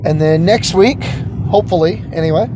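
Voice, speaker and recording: Here a man with a high voice talks at a moderate pace against a noisy background. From inside a car, he hosts his channel with easygoing vlog chatter, drifting off on tangents and poking fun at himself.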